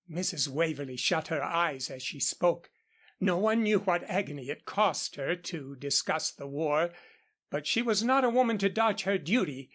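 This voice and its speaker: A man reading a classic novel aloud as an audiobook in a steady, even narration. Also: fairly high pitch, normal speed. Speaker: audiobook reader. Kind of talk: scripted narration.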